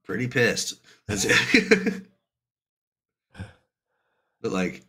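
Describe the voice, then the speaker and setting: A man's voice: medium pitch, extremely slow, slightly rough. A man casually telling a family story on a podcast, acting out the voices. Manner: animated, acts out every voice.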